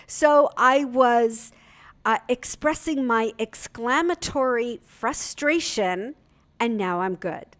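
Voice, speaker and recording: Brief: middle-aged woman minister, higher voice, expressive storytelling sermon. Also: measured pace. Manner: expressive, lively storytelling with soft asides.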